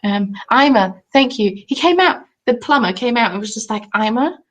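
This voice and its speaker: A woman's voice: a little high, expressive, moderate pace, fairly bright tone. A young woman in her twenties, a craft YouTuber, chatting on a live stream at home and answering comments as they come in. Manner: chatty, rambling, reads out and answers chat comments.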